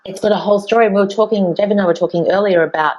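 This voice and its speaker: A woman's voice: medium pitch, steady tone, racing, darkish tone, poor audio. A woman hosting a casual interview, upbeat and playful.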